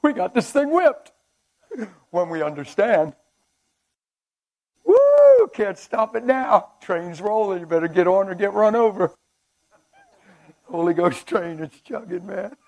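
A man preaching a fervent sermon at a men's breakfast, swinging between shouts and hushed asides and laughing with the crowd. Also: high voice, animated, a little slow, pauses often, dull audio. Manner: laughs and chats with the audience.

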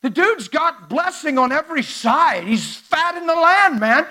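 A preacher acting out arrogant, sneering Satan. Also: male voice, very high voice, sing-song, unhurried, bright, forceful tone, pitched above the performer's own voice, heavily acted. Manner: mocking, incredulous. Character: arrogant sneering male Satan taunting God.

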